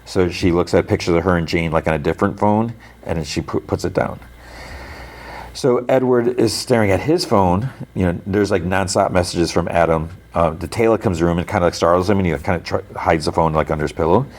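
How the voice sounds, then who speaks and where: A man's voice: low-pitched, fairly quick. A man hosting a podcast, casually retelling scenes from a show with lots of fillers and quoted lines. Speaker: podcast host. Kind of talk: casual plot recap.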